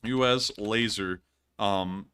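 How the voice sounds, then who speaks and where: Chatty man, bright voice. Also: on the low side, slow pace, clear, resonant tone. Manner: chatty, rambling, joking asides. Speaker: livestream host. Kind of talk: casual live commentary.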